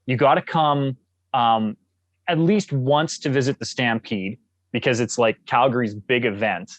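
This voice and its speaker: A man's voice: medium pitch, a little slow, no echo. A jovial man from Canada talks as a podcast guest, full of enthusiasm and storytelling energy. His voice sits mid-range, and the recording is dry and close. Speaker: guest, actor. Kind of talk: casual podcast interview.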